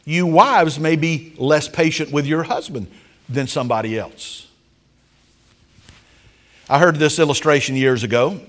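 A man preaching a sermon as a pastor, telling stories dramatically and with lively animation. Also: a little high, measured pace, pauses often, big-room sound.

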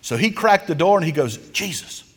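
A man's voice: on the high side, sing-song, fast, slight background noise. A man preaching a sermon as folksy, homespun storytelling, with emphatic swells of intensity. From rural countryside. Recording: long hall reverb.

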